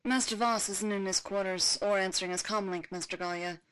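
A woman's voice: medium pitch, fairly even intonation, fairly quick, a bit bright, smooth, natural voice, low-quality recording. A woman voicing a nervous, deferential female knight reporting over a comlink. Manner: hesitant, deferential.

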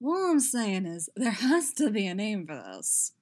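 A woman's voice: medium pitch, very animated, measured pace, a little mellow, no echo. A woman voicing a chatty, teasing male warrior who talks playfully. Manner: playful, rambling.

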